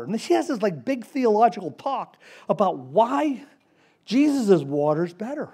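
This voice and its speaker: A man preaching a casual, story-driven sermon, acting out the characters in quick voices. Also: high-pitched, very animated, mellow, husky. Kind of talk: conversational sermon.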